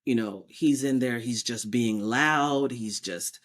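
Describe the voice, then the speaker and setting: A woman's voice: extremely low pitch, takes it slowly. A woman as a podcast guest, telling her personal story and acting out past conversations as she goes. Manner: animated, acts out past exchanges in quotes.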